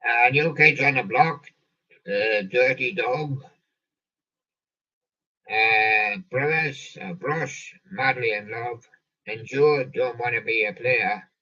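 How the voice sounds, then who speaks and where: A man drawls through lists of songs at an unhurried pace, tacking a pun onto each title. His voice is bright and slightly husky. It comes through dull and lo-fi, from a little way off the mic. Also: medium pitch, recorded from a distance. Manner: slow, punning, quips after each song title. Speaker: show host reading out song lists. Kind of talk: rambling live-stream chat with jokey asides.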